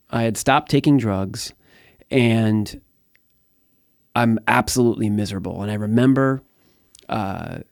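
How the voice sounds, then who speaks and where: A man's voice: mid-range voice, gravelly, darkish tone, no echo, studio quality. A middle-aged man from the United States telling his life story as an interview guest, candid and rambling, with many fillers and restarts. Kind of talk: personal testimony in conversation.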